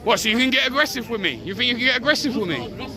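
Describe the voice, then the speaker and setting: High-voiced man arguing outdoors. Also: lively intonation, very fast, a loud crowd. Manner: argumentative, repeats himself. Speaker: auditor filming officials. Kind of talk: confrontational street filming. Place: city street outdoors. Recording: loud street noise.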